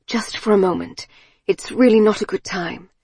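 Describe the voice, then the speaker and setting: A woman's voice: mid-range voice, big pitch swings, normal speed, a little mellow, husky, no echo, clean studio sound. A woman voicing a guarded, curt woman of about fifty who speaks with a slight foreign accent. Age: 50s. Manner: cold, clipped, guarded.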